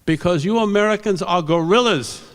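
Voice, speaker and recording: A man's voice: medium pitch, animated, slow pace, gravelly, mellow. A man putting on a stern accented ink teacher. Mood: scolding. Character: stern older male ink instructor with a foreign accent. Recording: long hall reverb.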